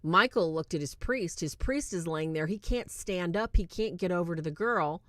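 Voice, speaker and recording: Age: adult. Sex: woman. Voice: low-pitched, chatty. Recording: dry. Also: normal speed, no room sound. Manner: chatty, retells scenes excitedly, checks the live chat. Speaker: host reviewing a movie. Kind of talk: casual livestream movie review.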